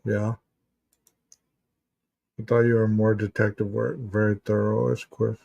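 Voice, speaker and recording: A man's voice: fairly low pitch, level tone, a little slow, creaky, long pauses, warm tone, no echo, recorded from a distance. A man hosting a casual live stream as a therapist, telling stories and answering chat in a rambling way full of restarts and fillers. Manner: rambling, many restarts and "you know" fillers, storytelling. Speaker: host, therapist. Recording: dull, muffled sound from a mic set back.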